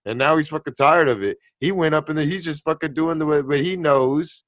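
A co-host with a fairly high-pitched voice reacts to a video during a casual chat, speaking at normal speed with no echo. He rants and curses, building to loud outbursts.

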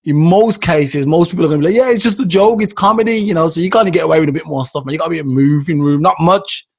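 A man's voice: fairly high pitch, very fast, vocal fry, a little mellow, slightly rough. A man co-hosting a podcast in casual chat, laid-back and teasing. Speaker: podcast co-host.

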